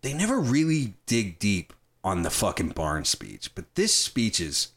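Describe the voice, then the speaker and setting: A man's voice: on the low side, measured pace, husky. A man hosting a casual film discussion, talking enthusiastically and swearing freely. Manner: profane, enthusiastic, animated. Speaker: podcast host.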